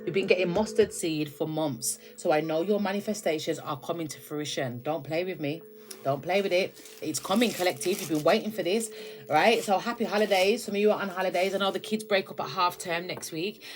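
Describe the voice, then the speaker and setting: A woman's voice: fairly low pitch, fairly quick, soft background music. A woman with a British accent giving a casual spiritual tarot reading, talking straight to her viewers and often checking in with "all right?". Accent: British English. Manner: chatty, keeps asking "all right?" and "okay?". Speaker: tarot reader.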